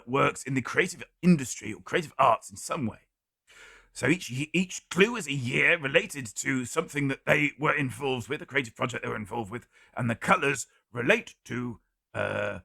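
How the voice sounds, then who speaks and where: A man hosting a live-streamed guessing game, reading out viewers' guesses and answering them with wry, deadpan jokes. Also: mid-range voice, creaky, husky, dry recording, clean studio sound.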